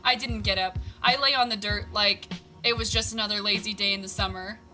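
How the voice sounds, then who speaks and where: A woman's voice: medium pitch, steady tone, fairly quick, sharp tone. A young woman reading her own old story aloud for comedy, stopping often to laugh at herself and mock the writing. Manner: laughs at herself, self-mocking, breaks off mid-line. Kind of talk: comedic read-aloud with commentary. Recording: music playing underneath.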